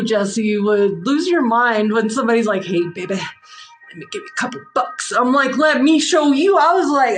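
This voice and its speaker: A woman in her forties, a psychic livestream host, telling a story in a frank, rambling, animated way with slang. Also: a little high. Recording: echoey room.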